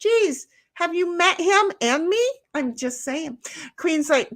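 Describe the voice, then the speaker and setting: A woman's voice: extremely high pitch, expressive, slow pace, a bit bright. A woman with a Southern US accent hosting a livestream, reading chat messages aloud in a casual, blunt, rambling way, swearing freely and trailing off mid-sentence.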